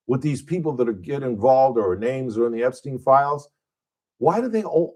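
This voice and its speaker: Husky male radio host, animated. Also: moderate pace. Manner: animated storyteller, voice jumps high on punchlines. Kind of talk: casual radio talk.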